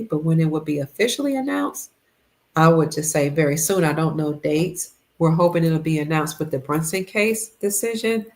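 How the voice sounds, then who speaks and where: A woman hosting a casual livestream, greeting viewers by name and reading their comments, a little congested. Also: lowish voice. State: congested, fasting. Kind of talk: casual live-stream chat.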